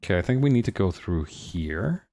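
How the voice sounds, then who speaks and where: A man's voice: deep voice, sing-song, normal speed, dark tone, soft background music. A man thinking aloud and reading game text during a let's play, musing with many restarts. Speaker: game streamer.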